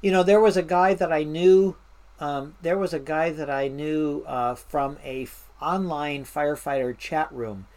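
A woman recounts her firefighting days in an easygoing, chatty way. She stops and restarts often, fills pauses with ums and you-knows, and slips into the voices of the people she quotes. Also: deep voice. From Washington State. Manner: animated anecdotes with fillers and restarts, mimics voices. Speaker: interview guest, firefighter. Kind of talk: casual storytelling.

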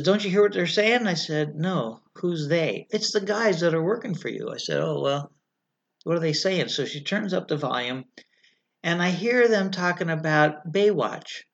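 Middle-aged Californian woman, ex-fire officer, interview guest; frank, blunt storyteller, a bit muffled on a lo-fi recording. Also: sits low.

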